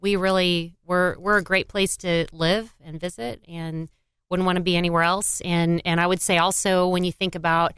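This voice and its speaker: Woman in her 50s from missouri, very smooth clear voice, lowish, chatting on a podcast, dry close mic. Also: level tone, moderate pace, fairly bright tone, dry recording. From Missouri, USA. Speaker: guest, former mayor and shop owner. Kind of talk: casual podcast chat.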